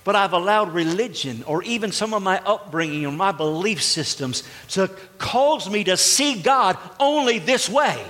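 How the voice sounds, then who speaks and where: A high-pitched, pushed, bright male voice belongs to a pastor preaching a sermon. He speaks emphatically and puts rhetorical questions to his congregation, with the long reverb of a large hall in the recording.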